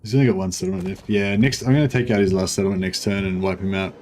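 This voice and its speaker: Fast-talking low-voiced male gamer. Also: steady tone, a little mellow, slight background noise. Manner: rambling, wry, thinks aloud with restarts. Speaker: video game streamer. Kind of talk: casual gameplay commentary.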